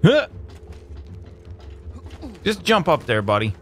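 A man hosting a let's play, giving excitable, jokey gameplay commentary that jumps to high exclamations. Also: slow, a little hiss or hum.

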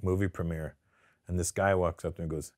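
Canadian-raised comedian guy swearing a lot, acting out the people in his stories, lowish voice, dry close sound. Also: fast talker, no room sound. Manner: profane, animated storyteller who acts out the people in his story. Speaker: comedian guest. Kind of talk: casual storytelling interview.

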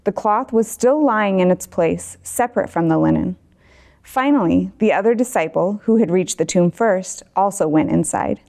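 A woman's voice: mid-range voice, moderate pace, vocal fry, a little mellow. Woman reading scripture aloud. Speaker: scripture reader. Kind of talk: reading a gospel passage aloud.

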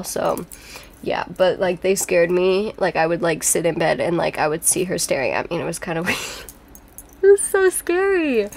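A young woman doing casual, giggly commentary while playing a game, with dramatic squeals. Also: on the low side. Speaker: gaming YouTuber.

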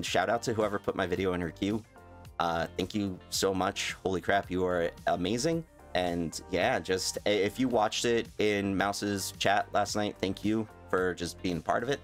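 A man's voice: deep voice, moderate pace, soft background music. A young man vlogging his reaction in a rambling, stuttering way, laughing at himself. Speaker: YouTuber reacting to a clip. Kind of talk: casual reaction vlog.

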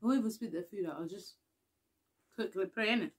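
A young woman, chatting casually to camera as a vlogger, laughing often and trailing off into soft mumbles. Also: medium pitch, quick pace, slightly rough.

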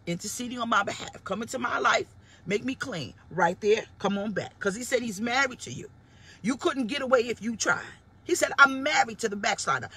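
Fiery high-pitched woman preacher. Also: breathy edge. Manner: fervent preaching, shouting, greeting viewers by name. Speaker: pastor. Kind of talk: livestream sermon. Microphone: phone or webcam livestream.

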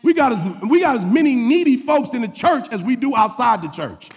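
Gravelly preacher man, shouting and murmuring. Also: very animated, a little fast, big-room sound. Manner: swings from shouted preaching to low confiding asides. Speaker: pastor. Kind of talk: sermon.

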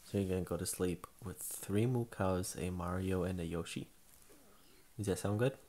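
Soft-spoken father coaxing at bedtime. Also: low-pitched, normal speed. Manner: gentle, patient, softly coaxing. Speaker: father putting child to bed. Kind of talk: casual bedtime chat.

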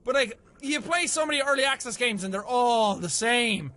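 Excitable high-voiced young man gaming. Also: moderate pace. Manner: excitable, swears often, talks to game characters. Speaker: gamer. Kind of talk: let's play commentary.

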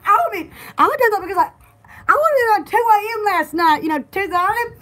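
A woman co-hosting a casual store livestream, rambling excitedly, laughing often and repeating words. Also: extremely high pitch, moderate pace.

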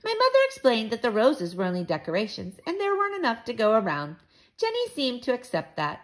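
A woman reading a children's book aloud in an expressive, sing-song way. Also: a little high, fairly quick.

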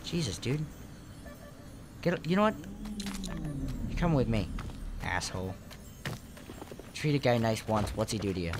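A man's voice: fairly low pitch, very animated, a little slow, pauses often, noisy background. Goofy, crude young man gaming. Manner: goofy, crude, rambling, swinging from mutters to squeals. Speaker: gaming channel host. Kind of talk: casual let's play commentary.

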